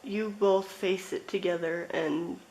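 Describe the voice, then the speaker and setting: Slow, emotional woman reading tarot. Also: fairly low pitch, fairly even intonation, a little mellow, a little hiss or hum, rough recording. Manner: slow, emotional, reflective, with laughs. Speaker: tarot reader. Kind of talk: pick-a-card tarot reading.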